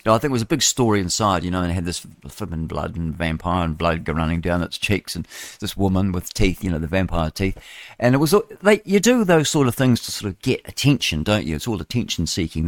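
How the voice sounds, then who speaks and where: A man's voice: sits low, no echo, studio quality. An older man hosting live radio, reading the news with chatty, rambling asides. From New Zealand. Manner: chatty, digressive, chuckling asides. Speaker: radio host.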